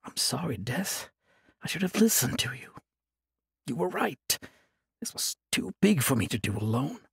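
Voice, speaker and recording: A male narrator gives voice to a young monk weighed down by guilt, his speech earnest and pained. The voice is raspy with a gravelly edge, it rises and falls a lot, and it sits in a dry, close recording. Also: on the high side, sing-song, a little slow, long pauses, fairly bright tone, dry recording, full character voice. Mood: remorseful. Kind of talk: audiobook character voice.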